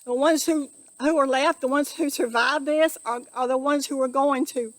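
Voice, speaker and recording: A woman's voice: high-pitched, no room sound. Earnest woman preaching in a dry close voice. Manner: preachy, repetitive, emotional. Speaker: spiritual vlogger. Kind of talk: earnest spiritual monologue.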